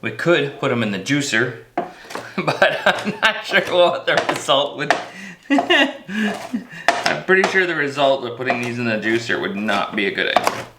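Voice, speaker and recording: A man's voice: mid-range voice, big pitch swings, measured pace, echoey room, very noisy. A man hosting a casual cooking demonstration in a kitchen, joking and poking fun at himself as he rambles through the recipe. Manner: joking, self-mocking, rambling. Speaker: outdoor cooking show host.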